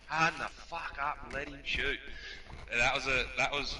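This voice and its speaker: A man with an Australian accent telling hunting stories on a casual podcast, swearing freely and animated. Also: medium pitch, normal speed, far from the mic. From New South Wales, Australia. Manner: profane, animated, laughs while telling stories. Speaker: podcast storyteller.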